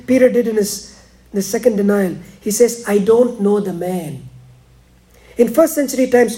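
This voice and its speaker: A man preaching a sermon, dropping to hushed, slow lines and rising again for emphasis. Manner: preaching, swings between hushed lows and emphatic rises. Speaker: pastor.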